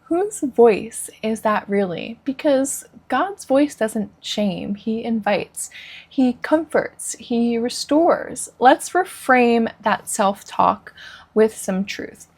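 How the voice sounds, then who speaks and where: Woman coach delivering a devotional talk, earnest and encouraging, with a fairly high voice. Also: lively intonation, slow pace, darkish tone, slightly rough. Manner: earnest, encouraging, asks questions. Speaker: Christian counselor and women's coach. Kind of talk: devotional teaching talk to camera.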